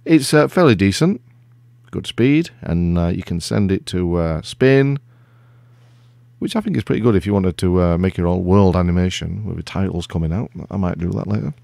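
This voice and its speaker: A middle-aged man hosting a casual software walkthrough, relaxed and self-deprecating, rambling with lots of fillers. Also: sits low, normal speed, vocal fry, dry recording, studio quality. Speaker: tech video host.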